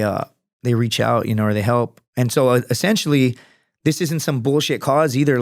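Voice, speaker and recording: A man's voice: medium pitch, no echo, clean studio sound. A man talking as a podcast guest, in a casual, profane, storytelling manner. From United States. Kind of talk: casual interview chat.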